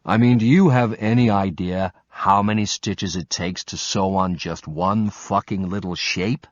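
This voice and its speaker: A man's voice: sits low, steady tone, measured pace, dry recording. A man voicing a frazzled male ex-soldier and single father who complains and swears, on slightly muffled audio. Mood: exasperated. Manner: exasperated, swearing.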